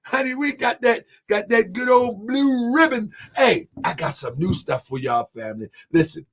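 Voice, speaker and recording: A man hosting a livestream. He talks loudly and with animation, laughs often, and reads out and answers viewer comments. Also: sits high, lively intonation, normal speed. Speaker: channel host.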